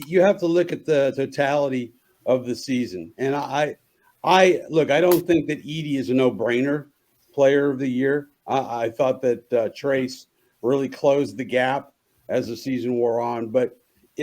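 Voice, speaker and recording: Man, sports radio guest, hoarse morning voice, mid pitch, opinionated, restarts a lot. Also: darkish tone.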